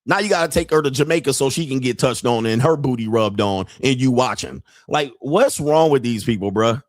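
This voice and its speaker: A man hosting a podcast, telling a story in a profane, animated way with frequent laughter. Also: medium pitch, fairly quick, no echo, clean studio sound. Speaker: podcast host. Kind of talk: casual monologue.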